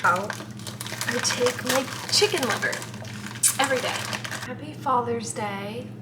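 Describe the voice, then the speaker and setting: A woman's voice: on the high side, a little slow. A young woman vlogging in a casual diary style, chatty and earnest, rambling with lots of "like". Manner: chatty, rambling, fills talk with "like"; earnest, heartfelt. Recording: loud background noise.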